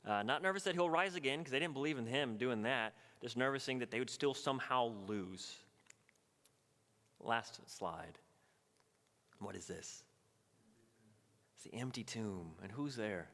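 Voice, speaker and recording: A man's voice: medium pitch, a little slow, pauses often. Man teaching in a reverberant church hall. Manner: animated storytelling, acting out voices. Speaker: pastor. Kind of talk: Bible study teaching.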